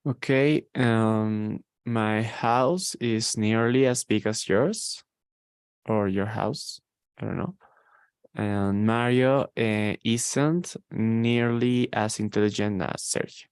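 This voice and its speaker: A man's voice: on the low side, fairly even intonation, slow, smooth, no echo. A man studying English, reading example sentences aloud hesitantly with fillers and restarts. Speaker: language student.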